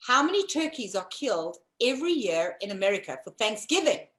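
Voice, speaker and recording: A woman's voice: medium pitch, big pitch swings, brisk, a bit bright. A woman from South Africa co-hosting a casual live-streamed talk show, chatty and teasing. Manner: chatty, teasing, addresses viewers.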